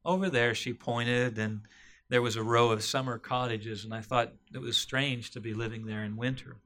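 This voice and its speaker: Man, storyteller, bright tone, hesitant, many ums and restarts. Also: medium pitch, little pitch movement. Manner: halting, with fillers and restarts. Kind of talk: retelling a story aloud.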